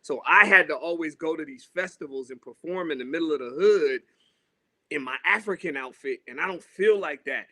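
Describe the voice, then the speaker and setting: A man from Seattle chats as a podcast guest, his voice bright and forceful and sitting a little high. He tells stories with lots of animation and acts out other people's lines. The sound is dry and close-miked. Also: moderate pace, no echo. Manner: animated storyteller acting out quoted voices. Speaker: guest artist. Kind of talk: casual storytelling chat.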